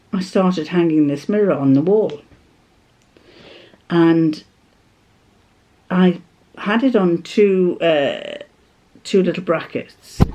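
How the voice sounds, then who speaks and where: Her voice is lowish and dark as this British woman, a craft vlogger, talks to camera. It's a casual, anecdotal chat in which she rambles through a story and laughs frequently.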